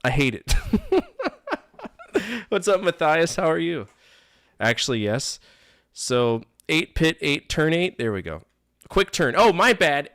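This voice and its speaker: A man's voice: on the high side, wildly swooping pitch, slow, long pauses, a bit bright. A man in his thirties streaming a game live, joking, complaining sarcastically and chatting with viewers. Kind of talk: live gameplay commentary. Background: faint game music.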